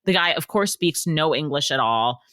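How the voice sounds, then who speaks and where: Low-voiced woman telling lively stories. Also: moderate pace, no room sound, clean studio sound. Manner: animated, acts out quotes. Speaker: author guest. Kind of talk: casual storytelling in a podcast interview.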